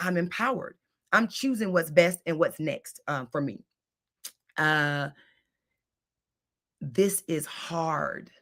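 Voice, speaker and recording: A middle-aged woman giving an emphatic, animated motivational talk as a spiritual coach and host, with casual slang and frequent restarts. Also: on the low side.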